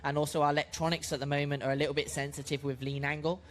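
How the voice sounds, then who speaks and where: Male racer, casual interview, halting delivery, a touch high-pitched. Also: flat delivery, a little hiss or hum. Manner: hesitant, halting with many restarts. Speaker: motorcycle racer. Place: outdoors at a racetrack campsite.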